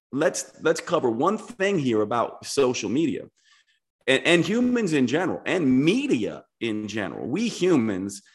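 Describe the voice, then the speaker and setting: A man talks on a podcast in a reflective, earnest way, breaking his thoughts into clear steps. His pitch moves freely up and down as he explains. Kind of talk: casual podcast conversation.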